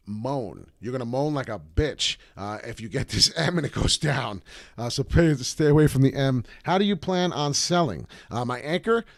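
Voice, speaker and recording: A man's voice: a little high, no echo, studio quality. Hyped, swearing man on a live stream. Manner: loud, hyped and profane, jumps between topics. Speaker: crypto video host. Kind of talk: live-stream chat with viewers.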